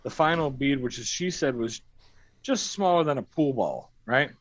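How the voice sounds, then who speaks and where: On a laid-back stream, a man spins a crude tale, cursing and voicing the quotes in an animated way. His pitch is medium and his pace moderate, with lo-fi sound and no room sound.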